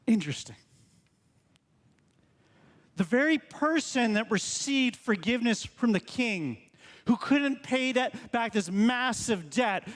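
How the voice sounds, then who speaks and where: High-voiced pastor preaching in echoing church. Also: male voice. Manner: conversational, asks rhetorical questions. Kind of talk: sermon. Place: church sanctuary.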